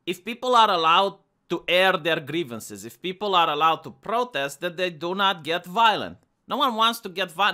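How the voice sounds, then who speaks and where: A man's voice: sits high, sharp tone. A man from Romania with a Romanian accent, giving an argumentative casual monologue as a streamer and often repeating words as he restarts. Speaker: live streamer.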